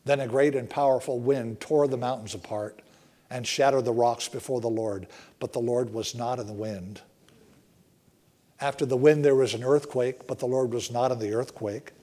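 A man preaching a sermon in an earnest way, often slowing down and dropping to a hush for emphasis. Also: mid-range voice. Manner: earnest, slows and softens for emphasis. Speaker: pastor.

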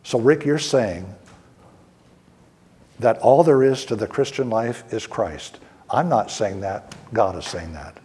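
A man preaching a sermon, earnest and deliberate, slowing down to stress key words. His voice is somewhat husky. A long hall reverb trails behind him. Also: fairly low pitch, a little mellow. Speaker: pastor.

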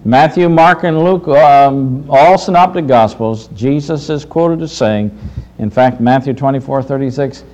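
A man's voice: medium pitch, a little slow, muffled recording. A man preaching a Bible study sermon to his congregation, conversational and full of pointed questions. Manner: animated preaching with rising questions, addresses "dear friend"; many fillers and restarts, conversational. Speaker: pastor.

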